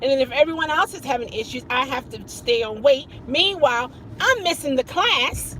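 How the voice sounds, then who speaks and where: A woman's voice: moderate pace, a little hiss or hum. A middle-aged woman chatting casually on a live stream, greeting viewers by name as she tells her story. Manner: expressive, jumps high when emphasizing.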